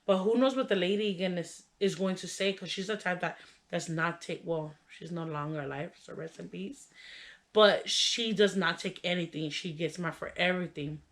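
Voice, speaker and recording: A woman's voice: lowish voice, normal speed, fairly bright tone. A young adult woman vlogger telling a funny childhood story in a casual, chatty way, full of "like" and "you know" fillers. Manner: laughs while telling the story.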